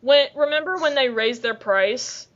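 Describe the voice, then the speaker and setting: A woman's voice: high-pitched, unhurried. Laughing, foul-mouthed young woman, lo-fi. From United States. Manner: laughs often, swears freely. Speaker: podcast co-host. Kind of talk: casual chat.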